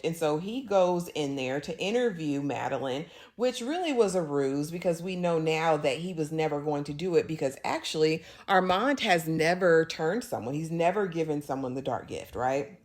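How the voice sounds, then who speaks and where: Woman host, lowish voice, sassy casual recap that acts out the lines. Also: sing-song, normal speed, darkish tone.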